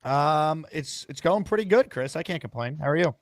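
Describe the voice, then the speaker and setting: A man hosts a live call-in show, talking in an upbeat and lively way as he greets callers and reads superchats. His voice sits a little high. The sound is dry and close, with no room around it. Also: normal speed, no echo. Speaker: host.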